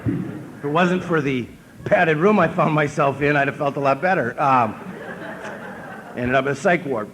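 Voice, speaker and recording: A man with an Upper Midwest American accent giving a humorous recovery talk from a convention stage, telling stories in a deadpan, self-mocking way and acting out what people said. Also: on the high side, moderate pace, pauses often, a little hiss or hum. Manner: storytelling, deadpan self-mocking, acts out quotes. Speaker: speaker at an AA convention.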